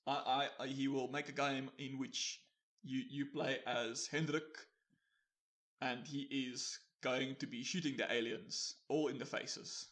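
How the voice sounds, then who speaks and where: A man's voice: medium pitch, fairly even intonation, a little slow, a bit bright. Playful man with mid-range voice. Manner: playful and joking, laughs often, stammers restarts. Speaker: podcast co-host. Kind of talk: casual gaming podcast chat.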